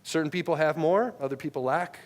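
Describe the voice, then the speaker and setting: A male pastor preaching a sermon in a conversational way, tagging lines with "right?" and swinging from loud emphatic peaks to quiet low asides, on a headset mic. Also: brisk.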